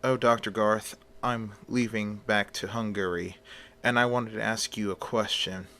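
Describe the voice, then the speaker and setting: A man's voice: fairly low pitch, steady tone, measured pace, creaky, a bit bright. A man reading as a haughty vampire countess. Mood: cool menace. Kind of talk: amateur story reading with voices.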